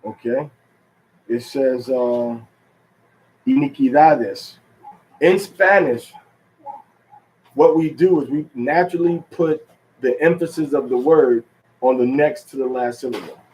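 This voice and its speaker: A man teaching a religious lesson in an unhurried, halting way, with many fillers and restarts, drawing out the words he stresses. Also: medium pitch, darkish tone, rough recording. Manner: drawn-out stress on key words. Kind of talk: teaching talk.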